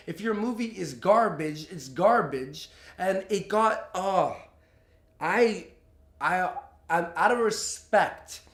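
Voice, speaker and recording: A man's voice: high voice, roomy sound. A young man angrily ranting to camera in a storytime vlog, heated and profane, sputtering and restarting his sentences. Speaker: YouTuber. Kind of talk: angry storytime rant to camera.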